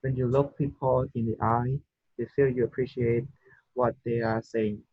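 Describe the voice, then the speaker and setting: Husky male student reading aloud. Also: mid-range voice, little pitch movement, moderate pace, dry recording, lo-fi sound. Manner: careful reading with small restarts. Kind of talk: reading a text aloud in class. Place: video call.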